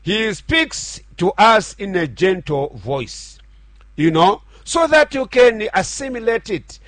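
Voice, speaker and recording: A man's voice: sits high, sing-song, slow pace, a bit bright, no echo. A middle-aged man preaching a radio sermon, earnest and repetitive with frequent restarts. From Zambia. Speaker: radio pastor.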